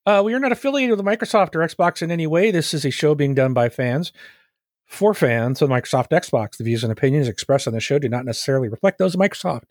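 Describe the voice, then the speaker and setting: A man's voice: on the high side, lively intonation, fast talker, no echo. A man hosting a fan-run gaming podcast with an easy, teasing manner and frequent laughter. His voice sits a little above the usual male range. The recording is dry and close, with no room sound around it. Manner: laughs often, chatty and teasing. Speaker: podcast co-host. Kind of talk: casual podcast chat.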